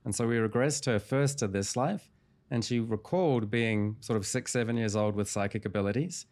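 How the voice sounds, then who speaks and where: This man's voice sits fairly low. As a hypnotherapist guest in an interview, he retells a client's session calmly and in measured narrative form.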